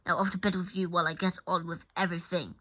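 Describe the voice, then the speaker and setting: Lady doing a pushy little helper girl from a storybook, bright husky voice, always crying out to help. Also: on the low side, level tone, quick pace. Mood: eager. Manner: cries out eagerly.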